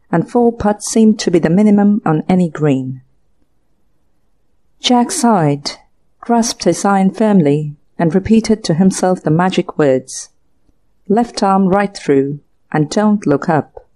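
Mellow woman reading a story aloud. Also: mid-range voice. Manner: measured storytelling. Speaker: audiobook narrator. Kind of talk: scripted narration.

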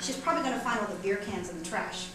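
A woman's voice: medium pitch, animated, rapid-fire, very noisy. A woman performing a stand-up comedy monologue on a small theater stage, chatty and teasing as she jokes with the audience. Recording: roomy live room with audience.

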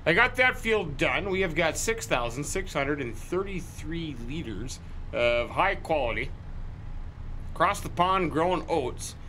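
Guy rambling over his farm game, bright bouncy voice, faint hum behind. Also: medium pitch. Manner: rambling, joking asides to viewers. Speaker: gaming channel host. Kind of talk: casual farming-game commentary.

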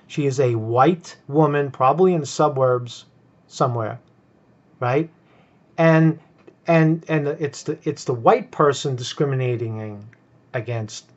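Stammering male vlogger, fairly high voice, dull lo-fi sound, rants and keeps asking "right?". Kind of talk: ranting commentary.

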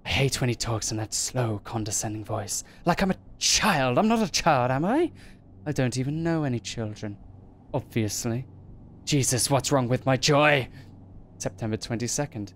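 A man's voice: mid-range voice, a little hiss or hum, natural voice. A man reading aloud as a paranoid male diarist who is losing his grip, muttering his suspicions.

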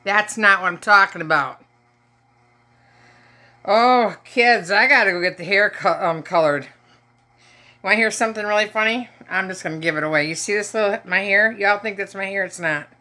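Middle-aged woman, casual haul chat, bright ringing tone. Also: medium pitch, normal speed. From Michigan. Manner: chatty, joking asides to viewers. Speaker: haul vlogger.

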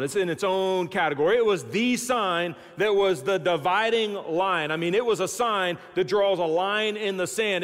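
Male pastor, high voice, storytelling sermon with dramatic loud-to-soft swings, echoey church sanctuary.

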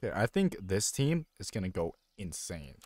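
Low-voiced man rambling through gameplay. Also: big pitch swings, moderate pace, a little mellow. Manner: rambling, self-deprecating, thinking aloud. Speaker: streamer playing a video game. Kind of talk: casual live gameplay commentary. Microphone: desk microphone.

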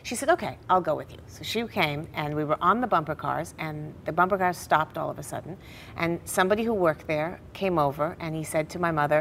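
A middle-aged woman telling family stories in a television interview, animated and laughing now and then. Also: low-pitched, brisk, a little hiss or hum. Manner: animated storyteller, laughs through her stories. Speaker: interview guest. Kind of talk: personal storytelling in a TV interview.

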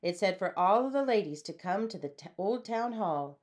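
A woman reading a storybook aloud in a lively way, changing her voice for the characters. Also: mid-range voice, normal speed. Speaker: storybook reader. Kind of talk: read-aloud storybook narration.

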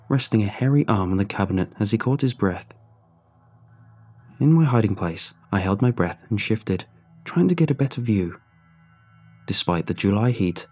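A man narrating a horror story in a measured, somber way. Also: lowish voice, darkish tone, husky. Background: faint music.

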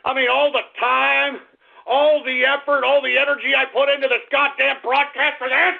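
A man hosting a radio show, angry and swearing, often breaking into shouts. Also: very high voice, flat delivery, normal speed, creaky. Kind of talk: profane ranting radio talk. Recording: dull lo-fi radio recording.

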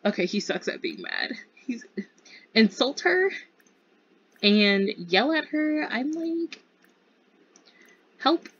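Bubbly, breathy young woman gamer. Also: a little high, very animated, slow, pauses often, a bit bright, no echo. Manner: bubbly, giggly, chatty. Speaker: gaming video creator. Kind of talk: casual gameplay commentary. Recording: slightly dull lo-fi sound.

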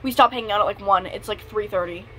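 A woman's voice: medium pitch, fast, sharp tone, slightly rough. A young woman vlogging casually from home while sick, rambling and correcting herself as she talks. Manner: rambling, self-correcting, filler-heavy. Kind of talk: casual vlog chat.

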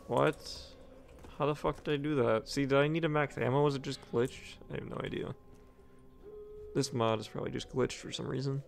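A young man with a deeply gravelly, fry-heavy voice mutters and curses his way through a gaming session, offhand and profane. The recording from his home mic carries clear background noise and keyboard clatter. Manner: profane, offhand, talking to himself. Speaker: gaming commentator. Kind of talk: casual gameplay commentary.

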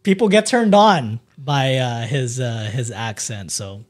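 A man's voice: mid-range voice, unhurried. A man co-hosting a podcast, chatting casually and joking playfully. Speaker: podcast co-host.

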